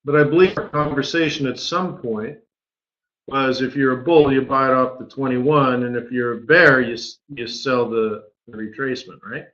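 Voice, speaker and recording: A man's voice: mid-range voice, steady tone, normal speed, fairly bright tone. A man, a forex market strategist, talking casually through a live trading webinar and tossing in rhetorical "right?" questions. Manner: chatty, keeps asking rhetorical "right?". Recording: dull lo-fi webinar audio.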